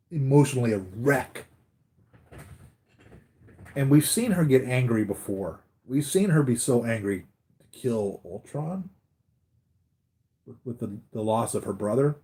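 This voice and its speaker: A man's voice: medium pitch, darkish tone. Rambling, enthusiastic male collectibles vlogger. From United States. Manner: rambling, enthusiastic fan talk with fillers. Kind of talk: live-stream chat.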